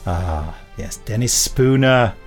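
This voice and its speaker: This co-host has a lowish voice with lively intonation and takes his time, with soft music in the background. His casual podcast chat is full of anecdotes, punctuated by small impressions of others.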